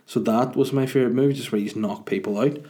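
A man's voice: mid-range voice, fairly even intonation, quick pace, dark tone. A man hosting a casual solo podcast, rambling through jokes with plenty of swearing. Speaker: podcast host and stand-up comedian.

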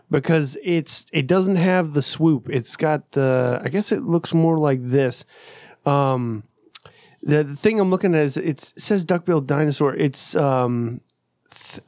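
A man with a somewhat high voice talks in a rambling way, trailing off and restarting as he thinks aloud. The recording is dry and close. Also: a little mellow, dry recording. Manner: rambling, restarts while looking things up. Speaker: podcast co-host. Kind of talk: casual chat.

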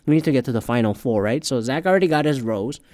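A man hosting a casual talk show, ranting in a rambling, profane way and growing loud and worked up. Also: mid-range voice, animated, fast talker.

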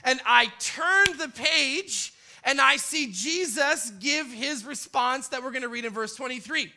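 A man's voice: very high-pitched, a little slow, bright, forceful tone. A man preaching a sermon in church, passionate, acting out the voices of people he quotes with rising intensity. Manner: impassioned, acts out quoted pleas with rising intensity.

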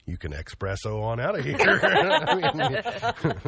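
A man's voice: high voice, huge pitch swings, slow pace, gravelly, over a noisy crowd. A man hosting a morning show, bantering casually and joking about himself. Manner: joking, self-mocking, laughs at his own lines. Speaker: radio morning show host.

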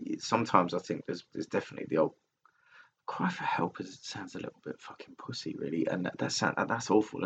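Deep gravelly man, candid and rambling. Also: dull audio, a little hiss or hum. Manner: candid, rambling, swears often, restarts. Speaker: podcaster recording alone. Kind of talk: casual personal monologue. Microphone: laptop recording software.

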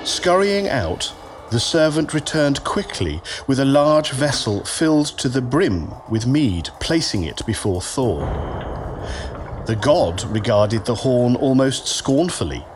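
A man narrating a story in a slow, expressive storytelling manner. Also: medium pitch, background noise.

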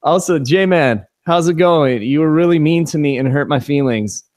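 A man's voice: a little high, normal speed, darkish tone, no echo. Crude joking man on a podcast. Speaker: podcast co-host. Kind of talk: casual chat.

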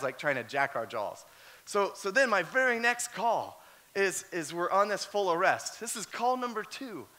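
High, bright-voiced man preaching. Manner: animated storyteller who often repeats words. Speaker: pastor. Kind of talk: sermon with personal stories.

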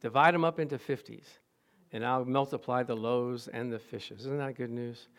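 A middle-aged male pastor preaching a sermon, telling stories with lively acted-out quotes and frequent laughter. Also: mid-range voice, normal speed. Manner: animated storytelling, acts out quotes, laughs often.

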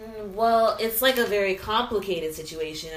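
A woman hosting a casual chat, lively and quick to laugh as she asks questions. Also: medium pitch. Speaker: podcast host. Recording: echoey room with faint noise.

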